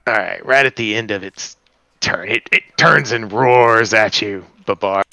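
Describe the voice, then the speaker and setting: A game master narrating a tabletop game in a relaxed, stumbling way. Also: mid-range voice, a little slow, no room sound, poor audio.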